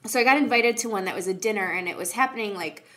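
A woman with a middle-pitched voice tells a relaxed, self-deprecating story on a book podcast. She laughs often and sprinkles "like" through her sentences. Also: quick pace. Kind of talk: casual chat, storytelling.

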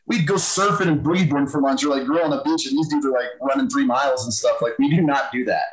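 Talking fast in a medium-pitched voice, this ex-Marine guest shares war stories on a podcast during a casual storytelling interview. He is blunt and profane, performing the banter he quotes. The sound is roomy, and the recording quality is low.

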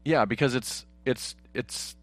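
A man's voice: mid-range voice, slow pace. A man co-hosting a casual movie watch-along, talking in a rambling way full of fillers. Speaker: podcast co-host.

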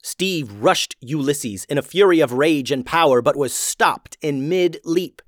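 Male storyteller reading a fantasy tale, expressive and lively in pitch, with a dry, close sound. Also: unhurried, no room sound.

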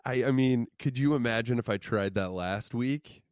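A man's voice: mid-range voice, moderate pace, darkish tone, clean tone, no echo, clean studio sound. A man co-hosting a podcast, chatting casually with rambling, self-deprecating asides. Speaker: podcast co-host.

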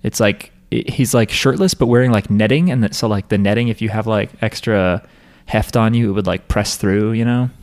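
A man's voice: lowish voice, brisk, darkish tone. A man co-hosting a podcast, chatting casually and reading out a listener's email, rambling with restarts and laughs. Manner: rambling, self-interrupting, laughing. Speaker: podcast co-host.

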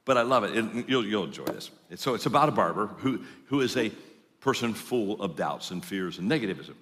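A man's voice: on the low side, animated, a little fast, fairly bright tone, long reverb tail, a little hiss or hum. A man telling a long humorous story in a sermon-style talk, with frequent stammered repeats and casual asides. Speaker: speaker.

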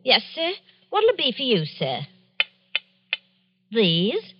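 A woman playing a chatty, excitable shopkeeper in a vintage radio drama. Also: a little high, slow pace, slight background noise, exaggerated voice. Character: chatty older female shopkeeper, easily frightened. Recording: dull lo-fi old radio recording.

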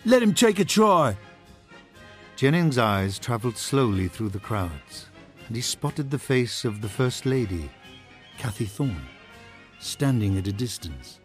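A man narrating a dark novel as an audiobook, in a measured, dramatic storytelling style. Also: on the low side.

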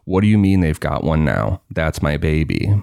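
A man's voice: very deep voice, sing-song, normal speed, creaky, clean tone, no echo, studio quality, heavily acted. A man reading as a frightened captive woman. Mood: pleading. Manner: soft but firm, pleading. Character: frightened young captive woman, soft but firm.

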